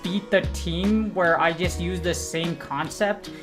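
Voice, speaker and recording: A woman giving casual, excitable game commentary as a streamer, rambling off on tangents and full of slang. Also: on the low side, slow, soft background music. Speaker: gaming streamer.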